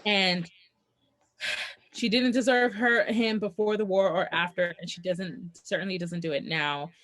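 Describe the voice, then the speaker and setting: A woman co-hosting a casual book podcast, retelling the plot in an animated way and quoting the characters. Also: mid-range voice, measured pace. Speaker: podcast co-host.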